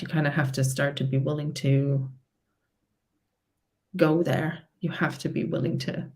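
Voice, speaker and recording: Lively British woman, low voice. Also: unhurried, pauses often. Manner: lively, acts out example dialogues with laughs. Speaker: relationship therapist. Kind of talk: explaining advice in a live conversation.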